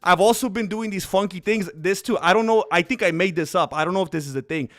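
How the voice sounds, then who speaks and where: A man hosting a casual livestream, chatting in a rambling, excitable way and calling viewers dude and bro. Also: high voice, fast talker. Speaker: streamer host.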